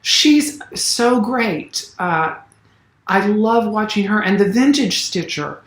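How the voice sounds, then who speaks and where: A man's voice: high voice, animated, slow, fairly bright tone, echoey room. A man with a Southern accent, chatting casually to camera as a cross-stitch vlogger, rambling and gushing with many fillers and restarts.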